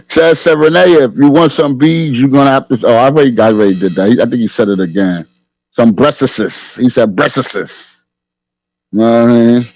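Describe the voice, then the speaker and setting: A man's voice: medium pitch, a little fast, darkish tone, dry recording, rough recording. A middle-aged man hosting a casual livestream podcast, reading the chat, laughing often and saying "you know what I mean" after nearly every line. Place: at home with camera off.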